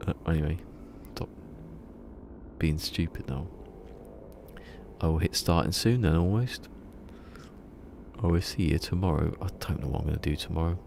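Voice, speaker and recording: A man's voice: rumbling low, normal speed, vocal fry, long pauses, noisy background. A man streaming a game and chatting casually to his viewers, rambling and laughing at his own jokes. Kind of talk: casual live-stream chat.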